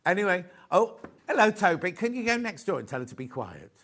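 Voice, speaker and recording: A man's voice: high voice, big pitch swings, a little fast, a bit bright. A man with a Yorkshire accent presenting fabric on a live shopping channel, chatty and gushing, full of asides. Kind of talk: live TV sales chat.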